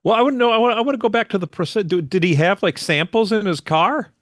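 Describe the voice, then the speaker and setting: A man's voice: high-pitched, fast talker, no echo, studio quality. A man, co-host of a chat show, who throws in jokes and asks questions. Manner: wisecracking, asks questions, chuckles. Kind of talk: casual chat.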